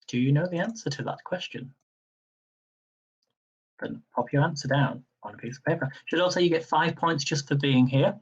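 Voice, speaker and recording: Man, quiz host, live stream, chatty, reads questions slowly twice, mid pitch, muffled lo-fi audio. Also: recorded from a distance. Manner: chatty asides, then reads each question slowly and repeats it.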